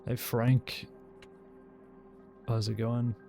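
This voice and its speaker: Slow-talking man, faded South Welsh accent. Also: medium pitch, flat delivery, creaky, dark tone, faint music behind. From South Wales. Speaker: streamer playing a sheriff. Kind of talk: casual roleplay chat.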